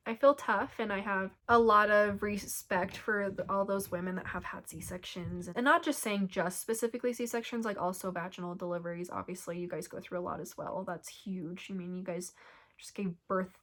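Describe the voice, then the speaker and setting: Young woman, chatty vlog story, emotional, keeps saying like, medium pitch. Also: fairly even intonation, normal speed, a bit bright. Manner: chatty, many "like" fillers, emotional. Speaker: vlogger telling her birth story.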